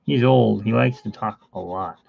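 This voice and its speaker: A man's voice: lowish voice, normal speed, vocal fry, breathy edge, dry recording, highs cut off. A man chatting casually during a home art livestream, rambling and talking fondly to his cat. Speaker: artist streaming a painting session. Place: home studio.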